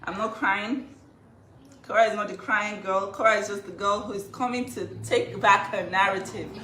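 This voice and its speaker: A woman's voice: mid-range voice, fairly even intonation, moderate pace, bright, forceful tone. A woman from Nigeria telling her side of a broken marriage, shaky but defiant. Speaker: social media personality. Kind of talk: emotional on-camera statement. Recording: echoey room with faint hiss.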